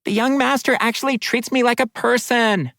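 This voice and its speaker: A man's voice: very high-pitched, steady tone, normal speed, a bit bright, dry recording, studio quality, pitched above the performer's own voice. A man voicing a bubbly, gossipy female water spirit in an audiobook, chattering and gushing. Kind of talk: audiobook character voice.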